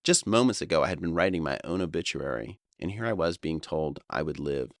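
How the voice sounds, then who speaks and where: A man in his fifties from Long Island, New York, narrates his own memoir in a wry, reflective voice. His voice is exceptionally deep, and the recording is close and completely dry. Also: lively intonation, fairly quick, dry recording. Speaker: author and narrator.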